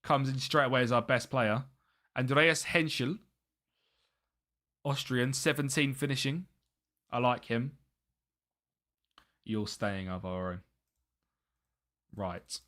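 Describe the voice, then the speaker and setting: Young british guy on a live game stream, bright voice, mutters and laughs a lot. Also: mid-range voice, takes it slowly, long pauses. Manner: chatty, muttering to himself, laughs often. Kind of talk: live gaming stream commentary.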